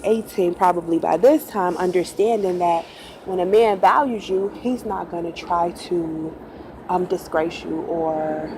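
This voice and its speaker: A woman's voice: lowish voice, background noise. A woman who drives a bus, telling a personal story in a casual, chatty way, laughing often and acting out quotes. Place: in a bus at night.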